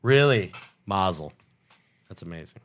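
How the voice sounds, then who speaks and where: A man co-hosting a podcast in casual chat, answering with short quick reactions and quips. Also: sits low, lively intonation. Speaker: podcast co-host.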